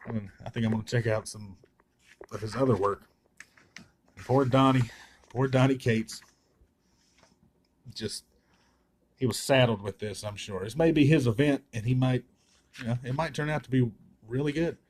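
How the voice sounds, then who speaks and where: A man's voice: mid-range voice, normal speed, long pauses, darkish tone. A man reviewing a comic in a casual, sarcastic and blunt way, swearing freely.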